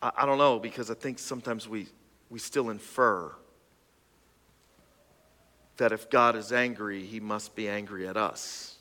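A man's voice: fairly low pitch, fairly even intonation, measured pace, pauses often, pushed and bright, in a large hall. A man preaching a sermon as a pastor, talking conversationally with self-deprecating asides and stammered restarts.

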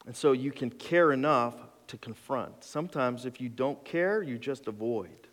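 A man's voice: medium pitch, moderate pace. A male pastor preaching a sermon in a conversational, emphatic way, counting off numbered points, in a church sanctuary. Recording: long hall reverb.

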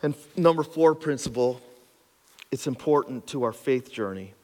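A man preaching a sermon as pastor, emphatic and building to loud passion, with casual asides and laughs. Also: medium pitch, lively intonation, moderate pace. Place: church auditorium. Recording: long hall reverb.

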